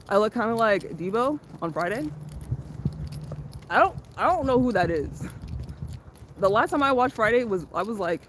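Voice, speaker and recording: A woman's voice: on the high side, expressive, moderate pace, long pauses, poor audio. A young woman live-streaming while she walks outdoors in the sun, chatting casually with her viewers on her phone. She curses a lot, laughs often and reads the chat aloud. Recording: loud outdoor background noise. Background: loud outdoor noise.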